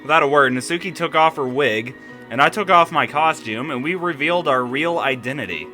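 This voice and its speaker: A gaming streamer reading a visual novel aloud and reacting with profane, animated commentary. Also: mid-range voice, brisk, faint music behind.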